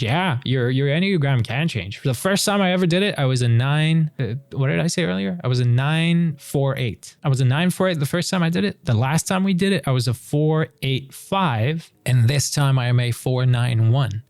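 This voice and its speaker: A man with a gravelly edge sits at his streaming setup and reads a long passage aloud. He trips over words now and then and breaks off for quick asides and laughs. The sound is dry and close, with no room around it. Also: mid-range voice, a little mellow, no room sound. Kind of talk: reading test results aloud on stream.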